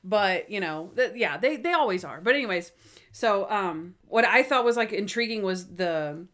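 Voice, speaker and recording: A young woman talking casually with a friend on a podcast. She is animated and chatty, and she drops into quick character voices when retelling scenes. Her pitch sits in the middle. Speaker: podcast co-host. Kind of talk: casual chat.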